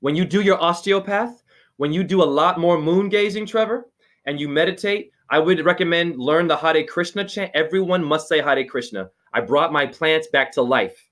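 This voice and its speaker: A man giving a spiritual reading over a video call, preachy and rambling, with sudden high exclamations. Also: normal speed, a bit bright. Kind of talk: excited casual video-call chat.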